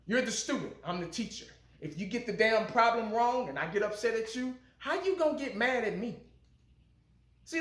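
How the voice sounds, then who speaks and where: A man's voice: very high-pitched, fairly bright tone, roomy sound. A man giving blunt, profane, fired-up fan commentary as a channel host.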